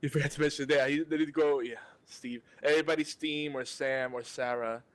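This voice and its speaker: A podcast host ranting with exasperation, his voice sitting a little high for a man. He stumbles and restarts as he keeps going, in loose, casual banter. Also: fairly even intonation, a little fast.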